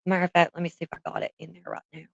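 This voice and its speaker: A woman's voice: fairly low pitch, little pitch movement, rapid-fire, creaky, dry recording, lo-fi sound. Laughing, swearing woman streamer. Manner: laughs a lot, swears freely, chats to viewers. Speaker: livestreamer. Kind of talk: casual livestream chat.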